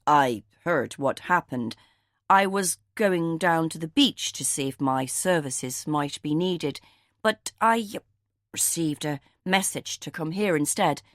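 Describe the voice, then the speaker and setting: A hesitant, uneasy photographer from an audiobook, read by a woman. He speaks slowly and warily in a low voice, recorded close and dry. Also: lively intonation, no echo. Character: nervous male photographer, ill at ease.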